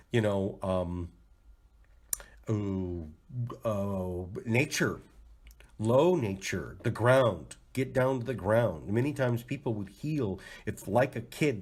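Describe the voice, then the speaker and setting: A man's voice: on the low side, a little mellow. A middle-aged man hosting a health advice show, talking in a loose, rambling way with lots of laughs and fillers. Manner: loose, chatty, laughs a lot, many fillers. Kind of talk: casual rambling monologue.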